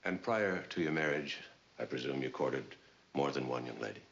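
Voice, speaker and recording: A shrewd naval commander defending a client. His voice is very low, and his questions are calm and probing. The sound is dull like a dated TV drama. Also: moderate pace, vocal fry. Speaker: Navy defense lawyer.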